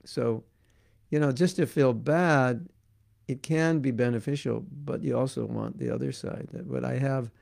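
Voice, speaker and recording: A man's voice: medium pitch, a little slow, vocal fry, darkish tone, dry recording, studio quality. A man giving a devotional talk as a spiritual teacher, earnest and repetitive, often saying "you know", then taking viewer questions.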